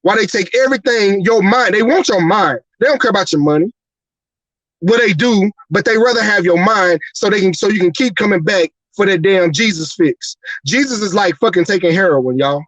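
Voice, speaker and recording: High-voiced man on an angry, profane rant. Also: brisk, fairly bright tone, no echo, low-quality recording. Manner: profane, angry, repeated rhetorical questions. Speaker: host. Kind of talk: heated live-show rant.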